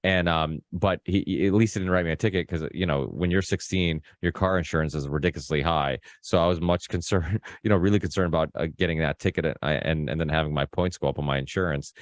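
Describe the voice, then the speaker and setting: A man's voice: low-pitched, fast, few pauses, dry recording, studio quality. A man hosting a podcast, talking in a rambling casual way with many restarts. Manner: acts out quoted people in a raised voice. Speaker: podcast host.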